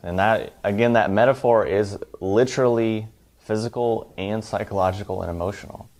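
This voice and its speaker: A low-voiced man giving a self-help talk, emphatic and stacking long lists of examples. His delivery is steady, with the rhythm of a motivational lecture. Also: normal speed.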